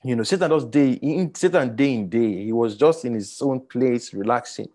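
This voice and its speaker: A man with a Nigerian accent teaching a sermon, animated and repeating words for emphasis, with many fillers. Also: mid-range voice, moderate pace. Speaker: Bible teacher.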